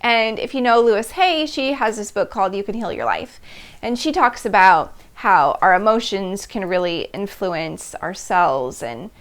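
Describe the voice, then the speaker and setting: With a medium pitch and measured pace, a thirtysomething woman hosts a monologue about her own experiences. She animatedly acts out how she once reacted, laughing between phrases.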